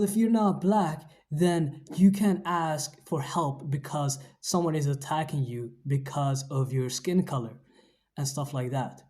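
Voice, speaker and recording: Mellow, measured commentary voice. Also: mid-range voice. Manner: measured, weighs both sides. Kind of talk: explanatory commentary.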